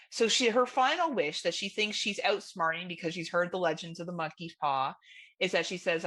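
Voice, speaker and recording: Woman co-host, casual and enthusiastic, bright lower-pitched voice. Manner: chatty, enthusiastic, swears casually. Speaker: podcast co-host. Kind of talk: casual podcast chat.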